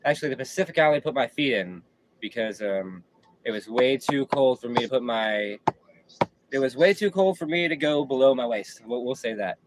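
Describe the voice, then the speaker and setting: A man's voice: medium pitch, animated, moderate pace, background noise. A man hosting a casual live stream, chatting in a slangy, laid-back way and often repeating himself. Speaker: livestream host.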